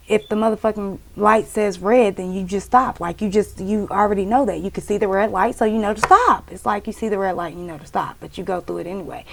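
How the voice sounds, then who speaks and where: A woman's voice: mid-range voice, vocal fry. A woman giving a casual tarot reading, blunt and profane, scolding and emphatic. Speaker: tarot reader.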